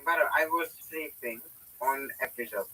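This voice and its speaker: A man speaking as a podcasting guest in casual chat, halting and with broken phrasing. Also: medium pitch, sharp tone, slightly rough, poor audio.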